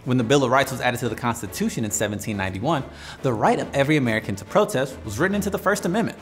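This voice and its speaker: A man's voice: mid-range voice, very animated, fast. A man hosting an educational explainer video in a playful, conversational way. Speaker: host. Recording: faint music behind.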